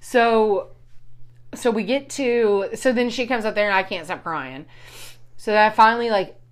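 A woman's voice: medium pitch, normal speed. A woman in her forties telling a long, rambling personal story in casual chat, swearing often and restarting her sentences.

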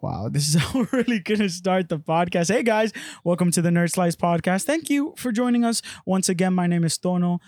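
A man's voice: high voice, expressive, a little fast, hardly any pauses, a little mellow, dry recording. A man in his twenties hosting a podcast, chatting casually and teasing his co-host. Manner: joking, teasing banter. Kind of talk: casual chat.

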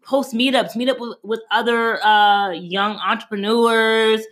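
A woman's voice: a little high, fairly even intonation, unhurried, a bit bright. A woman in her thirties co-hosting a casual podcast, enthusiastic and full of fillers. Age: 30s. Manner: enthusiastic, filler-heavy, says like a lot. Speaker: podcast co-host. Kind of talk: casual chat.

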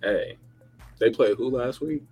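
A young man co-hosting a casual lacrosse picks show, animated and slangy, laughing often as he banters. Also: mid-range voice, a little slow, faint music behind, poor audio. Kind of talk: casual sports chat.

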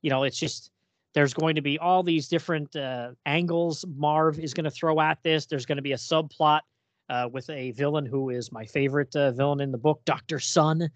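Male podcast co-host, animated comics talk, lightly higher voice, dry close recording. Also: moderate pace, no echo. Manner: animated, acts out quoted dialogue in reading. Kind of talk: casual chat.

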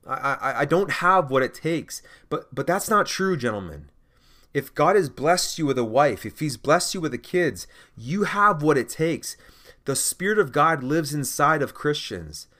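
A man hosting a faith podcast, speaking earnestly and urging listeners he calls gentlemen. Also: a little high. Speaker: podcast host. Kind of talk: exhorting faith podcast monologue.

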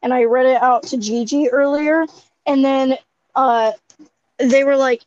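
A woman's voice: high-pitched, steady tone, a little fast, darkish tone, no echo. A young woman co-hosting a casual podcast, giggly and rambling with lots of "like" fillers. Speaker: podcast co-host. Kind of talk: casual chat. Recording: dull lo-fi sound with faint background noise.

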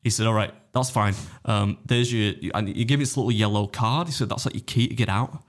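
Guy rattling off a story fast on a podcast, kinda low voice, swears a lot. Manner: animated anecdote-telling, acts out other voices, swears freely, laughs often. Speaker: podcast guest, competitive eater. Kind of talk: casual storytelling chat.

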